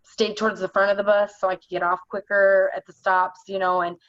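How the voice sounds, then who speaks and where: A young adult woman telling her own story in conversation, in a halting, earnest way full of "like". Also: mid-range voice, little pitch movement. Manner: halting, earnest, heavy use of "like". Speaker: interview guest. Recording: dull, dry lo-fi recording.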